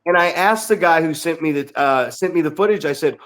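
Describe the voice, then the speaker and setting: A middle-aged man with a voice pitched a touch high, speaking in a relaxed podcast conversation. He explains things bluntly and swears freely, like a seasoned trainer. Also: fairly quick, hardly any pauses. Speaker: veteran wrestler and trainer. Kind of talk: casual podcast chat.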